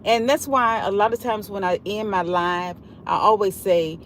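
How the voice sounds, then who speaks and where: A woman's voice: mid-range voice, a little slow, hardly any pauses. A woman hosting a casual livestream from her car while she drives, rambling and repeating herself in a heartfelt way. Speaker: livestream host. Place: in a car on the road. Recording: loud road and traffic noise.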